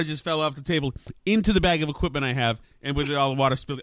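Man, podcast host, angry profane rant, fairly high voice, dry close mic. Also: quick pace, few pauses, dry recording. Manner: furious, profane, exasperated. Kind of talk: ranting podcast monologue. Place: studio with recording gear.

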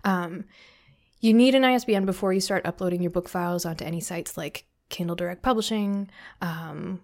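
A woman's voice: medium pitch, darkish tone. Lady on a podcast, chill and encouraging, says um a lot. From Canada. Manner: friendly, encouraging, filler-heavy with frequent ums. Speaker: podcast co-host. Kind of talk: casual advice chat.

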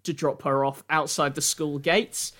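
A man's voice: fairly high pitch, fairly even intonation, a little slow, fairly bright tone. A man co-hosting a podcast in casual chat, reading from a script with dry jokes. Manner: dry, joking, reads from a script. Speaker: podcast co-host.

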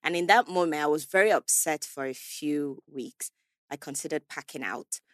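A woman with a lower voice talks as a podcast guest, telling stories with animation and breaking into laughter. Her voice is recorded close up with a dry sound. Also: normal speed, dry recording. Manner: animated storyteller, acts out quotes, laughs often. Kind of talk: casual podcast chat.

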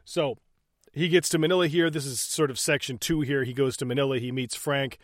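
A man's voice: steady tone, brisk, no echo, studio quality. Profane joking man recapping a movie. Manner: profane, jokey, recaps scenes and acts out characters in high silly voices. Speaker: podcast co-host. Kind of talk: casual movie recap chat.

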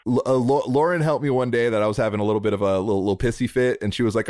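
A man hosting a podcast in casual interview chat, lively and acting out remembered dialogue with sudden jumps in pitch. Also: rapid-fire, no room sound, clean studio sound. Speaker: podcast host.

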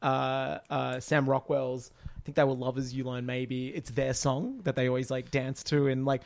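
A man co-hosting a podcast, in casual chat, retelling a film in an animated, exasperated way with rambling asides. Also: medium pitch, moderate pace, vocal fry. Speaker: podcast co-host.

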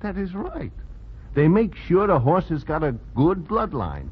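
An actor playing an eager, earnest former boxer, pitching a scheme in 1940s radio acting. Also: male voice, very animated, unhurried, slightly rough, exaggerated voice. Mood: eager scheming. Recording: dull vintage radio recording.

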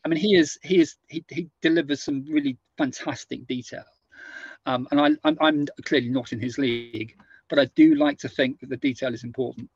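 A man's voice: medium pitch, lively intonation, brisk, gravelly, slightly rough, no room sound. Hesitant man with a dull, dry sound. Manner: hesitant, many restarts and fillers. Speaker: guest, author and former army officer. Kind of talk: conversational interview.

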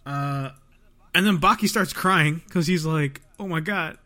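Recapping an anime on a podcast he co-hosts, a young man rambles through stories, swears freely, and performs quoted lines in casual chat. His voice is on the high side, pushed and bright, at a measured pace.

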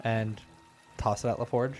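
A man playing a tabletop game who asks quick, practical questions about what his character can do. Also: on the low side, fairly even intonation, darkish tone, faint music behind. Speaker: player. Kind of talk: casual tabletop play.

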